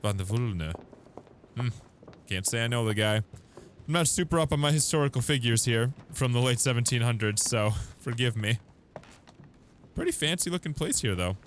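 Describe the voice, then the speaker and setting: A man's voice: mid-range voice, animated, normal speed, pauses often, slight background noise. A chatty young man giving let's play commentary on a video game, laughing often. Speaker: gaming YouTuber.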